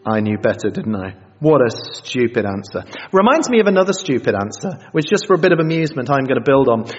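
A man, preaching a sermon, telling stories in an animated and self-mocking way. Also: a little high. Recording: dull sound in a reverberant hall.

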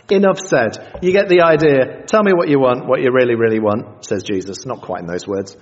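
A man, preaching a sermon, telling stories in an animated and self-mocking way. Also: mid-range voice, fairly quick. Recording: dull sound in a reverberant hall.

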